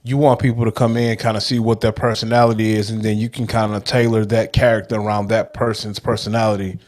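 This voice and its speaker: A man's voice: on the low side, flat delivery, fast talker, darkish tone. A man co-hosting a casual chat, laid-back and teasing.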